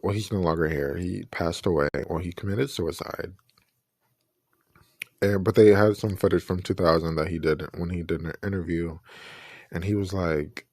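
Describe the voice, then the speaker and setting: On his own podcast, a man with a fairly low-pitched voice reflects earnestly on personal matters, often beginning sentences again. The recording has no echo.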